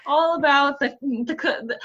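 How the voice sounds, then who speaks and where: A woman co-hosting a casual podcast, giggling often and reading aloud haltingly. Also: sits high, fairly bright tone, lo-fi sound. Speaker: podcast co-host. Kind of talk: casual chat.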